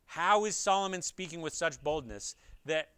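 Bright-voiced male preacher asking rhetorical questions. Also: on the high side, lively intonation, moderate pace, clean tone, dry recording, clean studio sound. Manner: earnest, presses with rhetorical questions; addresses listeners directly. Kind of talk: expository sermon.

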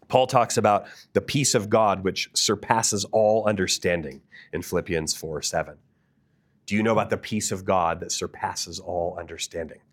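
Low-voiced man preaching a sermon. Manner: earnest, asks the listeners direct questions. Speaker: pastor.

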